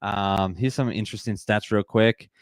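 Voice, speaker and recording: A man in his twenties with an Australian accent, hosting a live sports watch-party stream and chatting excitedly while reading out and greeting viewers from the chat. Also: lowish voice, moderate pace, smooth, no room sound. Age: 20s. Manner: upbeat, reads and greets chat viewers, repeats phrases. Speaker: livestream host.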